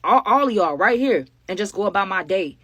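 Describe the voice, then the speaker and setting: A woman retelling the words of a cocky armed man who makes threats, in her own quick, bright voice. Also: mid-range voice, expressive, dry recording, studio quality. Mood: menacing. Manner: threatening, boastful street talk.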